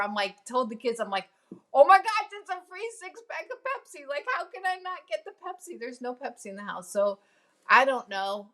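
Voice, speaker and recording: Woman host, mid pitch, gravelly fry, rambling live-stream chat with viewers. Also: fairly bright tone. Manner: chatty, answers viewer comments, many ums and laughs. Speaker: crafting show host.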